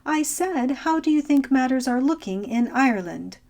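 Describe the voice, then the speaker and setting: A woman's voice: sits high, expressive, darkish tone. Woman playing a breezy modern young lady. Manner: breezy, quick, offhand.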